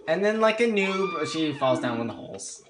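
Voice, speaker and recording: A man's voice: on the high side, very animated, normal speed, a bit bright, slight background noise. A young man casually commenting on his own game walkthrough, chatty and sarcastic, often correcting himself. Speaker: walkthrough host. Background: game music.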